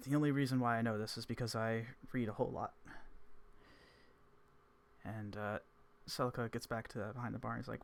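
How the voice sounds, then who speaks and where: Young male game master, easygoing and halting in his narration. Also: mid-range voice, creaky. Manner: relaxed, hesitant, many fillers.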